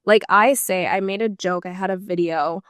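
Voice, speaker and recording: A woman's voice: mid-range voice, moderate pace, a bit bright, no room sound, studio quality. A woman in her thirties, a guest on a casual podcast, talking candidly and saying "like" and "literally" often. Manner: chatty and candid, leans on "like" and "literally". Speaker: guest, business owner. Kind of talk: casual conversational interview.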